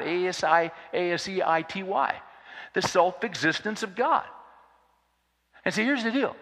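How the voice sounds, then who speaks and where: A man preaching a sermon, swinging from loud urgent preaching to quiet storytelling. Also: high-pitched, lo-fi sound. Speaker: pastor. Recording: long hall reverb.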